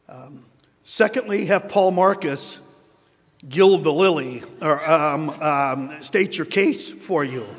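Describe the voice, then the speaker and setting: Older man, wry acceptance speech, fairly high voice, big reverberant hall. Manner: wry, self-deprecating, anecdotal. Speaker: award recipient giving acceptance speech. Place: large hotel ballroom at a conference.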